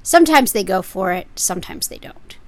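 A woman's voice: medium pitch, brisk, no room sound. A woman co-hosting a podcast, telling stories in casual chat. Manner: storytelling, animated. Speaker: podcast co-host.

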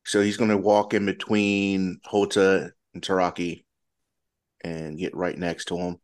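A man's voice: sits low, level tone, unhurried. A man playing in a tabletop game, describing his character's moves in a laid-back way. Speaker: player. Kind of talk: casual game talk.

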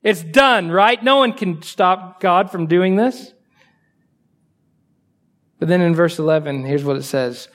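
Speaking in a high, light voice, a male pastor gives a sermon with an unhurried delivery and long pauses. He addresses the congregation conversationally with rhetorical questions, building from quiet asides to forceful, emphatic lines.

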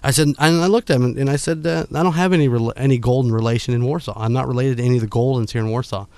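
A man's voice: medium pitch, very fast, no echo. A man hosting a podcast, telling a casual story with laughs and acted-out quotes. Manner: animated, laughing, acts out quotes.

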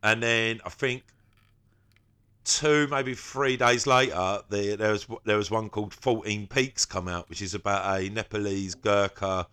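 A man's voice: on the low side, steady tone, unhurried, bright, forceful tone, clear, resonant tone. A man, a podcast co-host telling stories in casual, slangy chat and laughing often.

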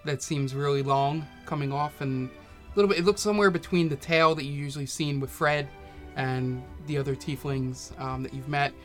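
A man narrating as game master in a tabletop game, talking haltingly with many fillers. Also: a little high, fairly even intonation, a bit bright, faint music behind.

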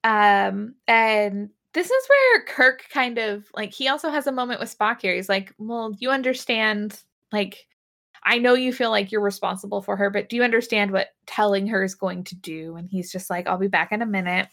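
A woman chatting casually, recapping a TV episode with lots of fillers and quick paraphrases. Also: mid-range voice, gravelly, fairly bright tone. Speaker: podcast co-host recapping an episode. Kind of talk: casual chat.

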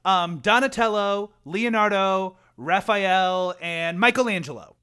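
Man as a pushy, eager contestant; high, bright voice. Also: measured pace, clear, resonant tone. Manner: eager, insistent. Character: eager male game show contestant.

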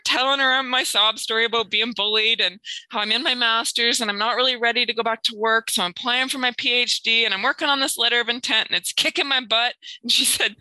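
Woman telling her faith story, super bright sharp voice, dry close sound. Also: on the high side, fast talker, dry recording, low-quality recording. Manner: lively, acts out quotes with laughs and sighs. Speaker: guest sharing a faith testimony. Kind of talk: personal storytelling in an interview.

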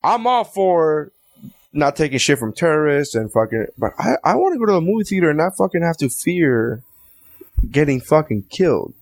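Profane ranting man, high voice. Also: sing-song, moderate pace, creaky, no room sound. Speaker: podcast co-host. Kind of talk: casual podcast chat.

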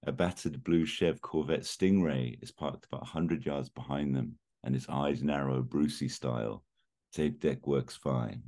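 Very deep-voiced man pitching a story. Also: fairly even intonation, moderate pace, hardly any pauses, mellow. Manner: chatty, laughs while telling. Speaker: podcast host pitching a film. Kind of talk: casual storytelling.

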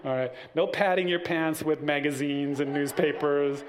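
A man's voice: fairly high pitch, normal speed. A middle-aged man talking casually about raising children, acting out little family scenes as he goes. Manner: animated, acts out little scenes with family voices. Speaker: parent giving parenting advice. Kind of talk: casual talk.

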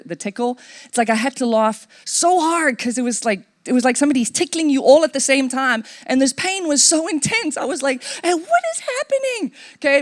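A woman pastor telling a personal testimony in a sermon, chatty and animated, her voice leaping up as she relives the moment. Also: no echo, studio quality. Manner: animated storytelling with big pitch swings and laughter; conversational, chatty with fillers.

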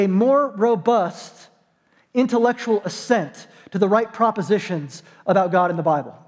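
A man's voice: high-pitched, a little mellow, big-room sound. A man preaching a sermon as pastor, conversational and emphatic, with dry self-deprecating jokes.

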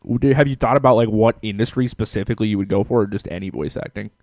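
A man hosts a loose podcast conversation, talking quickly and joking around with casual swearing. His voice is mid-pitched, and the sound is dry and close. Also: darkish tone, no echo. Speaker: podcast host. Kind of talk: casual chat.

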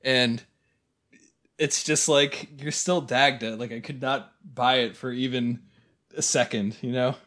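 A man's voice: medium pitch, steady tone, unhurried, fairly bright tone. A man co-hosting a podcast, giving wry, rambling movie critique and laughing often. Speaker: podcast co-host. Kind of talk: casual chat.

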